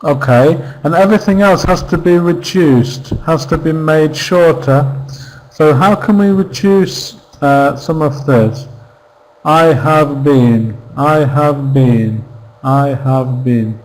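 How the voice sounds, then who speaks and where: A man's voice: a little high, takes it slowly, a little mellow, low-quality recording. A man teaching an online English grammar class, patiently repeating example phrases and checking in with questions.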